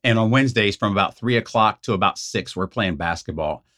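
A man's voice: lowish voice, a little fast, fairly bright tone. A middle-aged man who leads a youth ministry, telling a story in casual conversation and acting out the quoted dialogue. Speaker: ministry leader, podcast guest.

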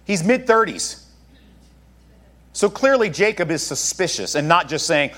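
A man's voice: high-pitched, expressive, moderate pace, fairly bright tone. A man pastor preaching a sermon, talking to his congregation in a conversational way with joking asides.

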